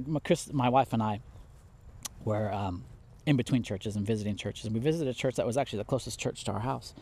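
Husky, impassioned preacher. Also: male voice, medium pitch, fairly quick. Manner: impassioned, pleading, swings from soft to loud. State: near tears. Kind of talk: heartfelt spoken sermon.

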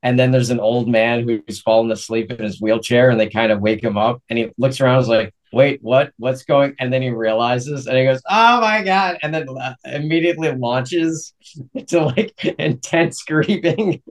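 A man's voice: mid-range voice, fairly even intonation, normal speed, darkish tone. Jokey man chatting about films. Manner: jokey, laughs easily. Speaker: podcast co-host. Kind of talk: casual film discussion.

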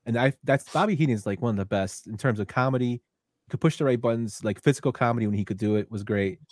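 Fast-talking man in podcast chat. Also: mid-range voice, darkish tone, no echo, clean studio sound.

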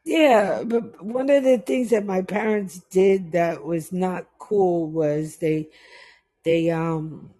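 A woman's voice: on the low side, takes it slowly, mellow. A middle-aged woman from the West Indies telling stories from her past in casual chat, acting out the people she quotes.

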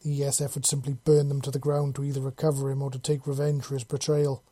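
Very mellow, dry-voiced story narrator. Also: medium pitch, completely flat delivery, fast, no echo. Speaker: audiobook narrator. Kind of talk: reading fan fiction aloud.

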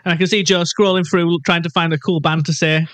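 A man hosting a casual chat, playful and asking quick questions. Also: on the high side, flat delivery, music in the background. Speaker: podcast host.

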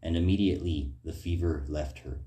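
A man's voice: rumbling low, brisk, roomy sound, heavy background noise. A man giving a rambling, earnest informal sermon, then reading scripture aloud. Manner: rambling, earnest, fillers and tag questions. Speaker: preacher.

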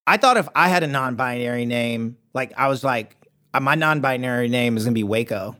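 A man's voice: mid-range voice, a little fast, bright, forceful tone. A middle-aged man as a podcast guest, joking irreverently and rambling through casual chat with lots of restarts.

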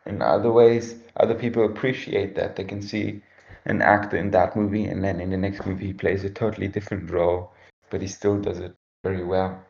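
A man in a casual movie review chat who talks calmly, reasons things through and pushes back on his friend's points. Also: sits low, fairly quick, creaky, dull audio. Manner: calm, reasoning, counters points.

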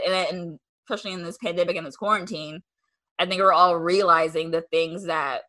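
A woman's voice: fairly low pitch, pushed and bright. A young woman hosting a podcast, chatting casually with many "like" fillers and acting out what people said to her. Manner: chatty, lots of "like" fillers, acts out quoted replies. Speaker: podcast host.

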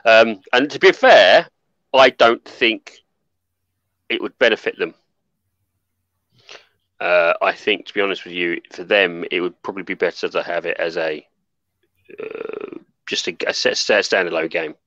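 Low-voiced man with a dull mic. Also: a little slow, pauses often, pushed and bright, dry recording. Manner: rambling, trails off searching for names. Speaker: podcast co-host. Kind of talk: casual gaming chat.

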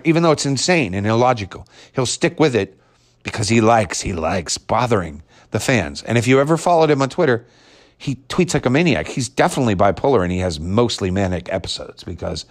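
A man, ranting in casual talk as a sports fan, profane, exasperated and mocking. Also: mid-range voice. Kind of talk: casual rant.

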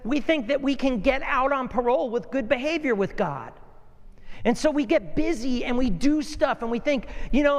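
High-voiced man preaching in a big hall. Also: lively intonation, normal speed. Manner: earnest, storytelling, repeats words when building a point. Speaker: pastor. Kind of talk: sermon.

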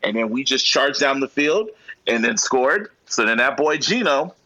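A man co-hosting a podcast in casual chat, animated and profane, acting out his own reactions with a husky voice. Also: medium pitch, normal speed, rough recording. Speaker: podcast co-host.

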